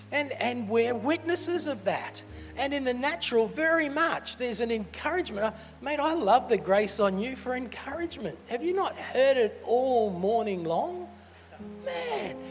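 A man preaching a sermon as pastor, animated and playful, laughing between points. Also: very high voice. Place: large church hall. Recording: church hall with reverb and faint music.

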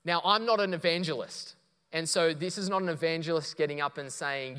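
A man's voice: fairly high pitch, steady tone, a little fast, bright, forceful tone, clear, resonant tone. A man preaching a sermon, telling a story and quoting others before building to emphatic points. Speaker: pastor. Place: church auditorium. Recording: long reverb of a church hall.

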